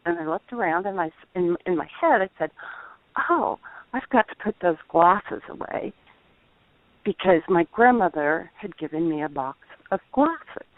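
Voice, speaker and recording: A woman's voice: on the low side, lively intonation, no echo. Earnest woman caller on a tinny phone line. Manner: earnest, halting storytelling. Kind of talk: personal testimony.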